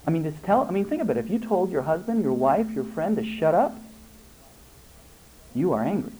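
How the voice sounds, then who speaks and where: A man, a family therapist giving an animated workshop talk to parents and answering their questions. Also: a little high, fairly quick, rough recording. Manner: animated, acts out parent and child dialogue.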